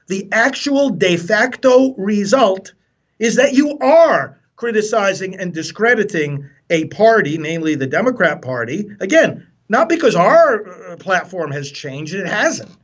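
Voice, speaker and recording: A priest speaking as a guest in an impassioned radio interview, forceful and preacherly, often repeating words as he starts a sentence. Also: high-pitched, big pitch swings, a little slow, highs cut off.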